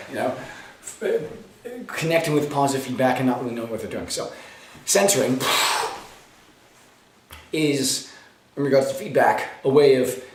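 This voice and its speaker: A man giving a rambling, energetic self-help talk to camera as a vlogger, slightly out of breath. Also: medium pitch, slight background noise. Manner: energetic, talkative, self-motivating. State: slightly out of breath after a bike ride. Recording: echoey roomy recording.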